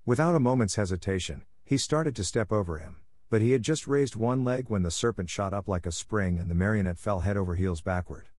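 A man narrating a classic children's story in a steady, even reading. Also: fairly low pitch, a little fast, hardly any pauses. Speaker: audiobook narrator.

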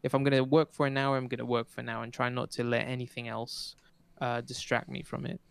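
A man's voice: mid-range voice, level tone, fast, vocal fry, smooth. A man in his thirties co-hosting a casual podcast chat, talking in a hesitant way with many restarts. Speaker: podcast co-host.

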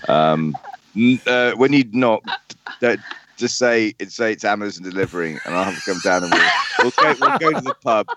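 Cheeky man with a lively voice. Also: fairly low pitch, normal speed, a little hiss or hum. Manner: cheeky, bawdy joking. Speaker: podcast co-host. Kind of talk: casual banter.

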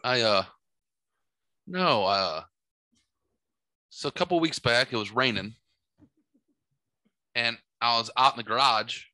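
A middle-aged man hosting a casual chat, telling rambling, profane, animated stories from his home studio. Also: mid-range voice, slow, long pauses, no room sound. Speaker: podcast host.

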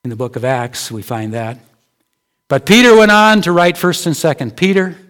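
Male pastor, sermon, conversational preaching, rhetorical questions, somewhat high voice. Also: big pitch swings, moderate pace, a bit bright.

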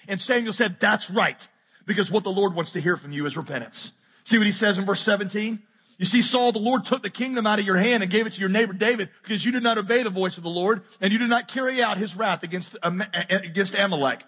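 A man preaches with a high, bright, slightly husky voice, cracking jokes and slipping into quick character voices as he retells the story. His voice rings out in a big hall with a long echo. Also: animated. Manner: joking, acts out Bible characters in quick asides. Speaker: pastor. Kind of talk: sermon.

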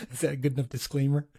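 A man's voice: medium pitch, dark tone, slightly rough, no room sound, studio quality. A man hosting a casual vlog, talking through his recorded audio clips, chuckling often and restarting sentences. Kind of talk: casual chatty commentary.

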